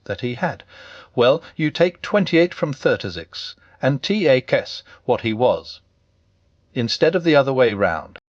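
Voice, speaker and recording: A man narrating a classic children's story as a calm bedtime reading. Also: mid-range voice, dry recording, highs cut off. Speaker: audiobook narrator.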